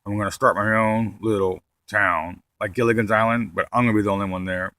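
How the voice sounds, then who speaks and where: Stand-up comedian, man, rambling deadpan delivery with plenty of cursing, bright tone. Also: lowish voice, fairly quick, dry recording.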